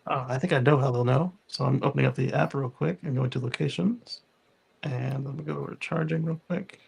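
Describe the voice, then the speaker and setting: A man's voice: mid-range voice, brisk, creaky, a little mellow, breathy edge. A man co-hosting a podcast, chatting casually and rambling with many restarts. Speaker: podcast co-host. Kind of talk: casual panel chat.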